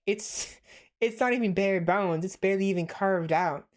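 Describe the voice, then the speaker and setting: Young woman, VTuber streamer, casual chat, deliberately slowed enunciation, frequent sighs and soft laughs, mid-pitched voice. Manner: naturally fast talker deliberately slowing down to enunciate; sighs and laughs often between phrases.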